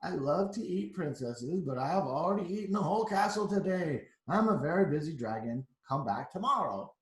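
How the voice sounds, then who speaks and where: A greedy, show-off dragon from a picture book, put on by a man reading aloud, who bellows his lines with loud pride. The voice sits a little high for a beast and rings around a roomy space. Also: lively intonation, moderate pace, natural voice. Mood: boastful. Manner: loud, showy storybook reading voice. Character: boastful greedy male dragon.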